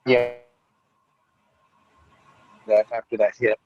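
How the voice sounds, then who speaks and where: A man chatting casually on a podcast, laid-back, with drawn-out fillers. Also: lowish voice, little pitch movement, a little mellow, dull audio. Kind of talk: casual chat.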